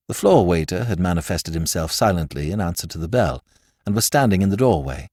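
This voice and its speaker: A man narrating a classic story as a scripted audiobook, with an expressive, varied delivery. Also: deep voice, fairly quick, dry recording, studio quality.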